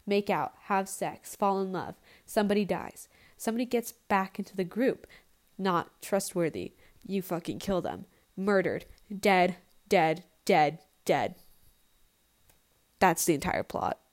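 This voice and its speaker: A woman's voice: mid-range voice, animated, normal speed, darkish tone. A young woman hosting her own casual podcast, talking in a rambling, blunt and profane way without a proper microphone. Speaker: podcast host. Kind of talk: casual solo podcast chat.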